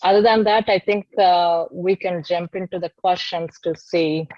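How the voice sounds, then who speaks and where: A woman giving an immigration webinar over a video call, talking quickly with many fillers and restarts. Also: lowish voice, fairly even intonation, no echo, dull audio. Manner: rapid, halting speech with many fillers and restarts. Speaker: immigration attorney guest. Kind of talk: webinar presentation.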